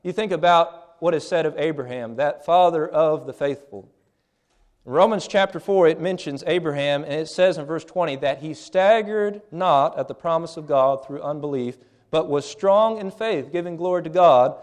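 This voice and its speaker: A man's voice: a little high, normal speed. A man in his thirties preaching a sermon in an earnest, plain-spoken way, often restarting his phrases.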